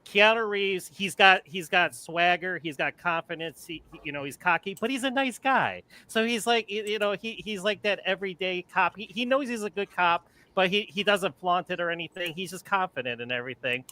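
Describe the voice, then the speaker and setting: A man in his fifties co-hosting a live movie chat, telling stories in an animated, profane way and often repeating words. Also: high voice, brisk, hardly any pauses, poor audio. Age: 50s. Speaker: panel co-host of a live movie talk show. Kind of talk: casual chat, storytelling. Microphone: live online video call.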